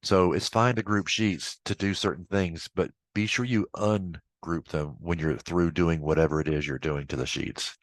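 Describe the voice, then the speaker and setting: A man instructor walking through a software tutorial in a casual, chatty way with offhand asides. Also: deep voice, moderate pace, few pauses, no room sound. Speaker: accounting instructor. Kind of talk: screen-recorded software tutorial.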